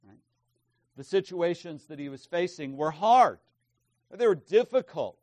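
A pastor delivers a sermon at a very unhurried pace, leaning on repeated words and long pauses for emphasis. His voice sits slightly high for a man. The sound is close and dry, with no room echo. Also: expressive, dark tone. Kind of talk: expository sermon.

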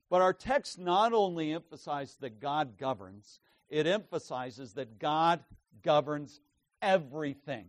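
Slow, emphatic preaching man. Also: on the high side, dry recording. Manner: slow, emphatic, repeats key words with pauses. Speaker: pastor. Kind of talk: expository sermon.

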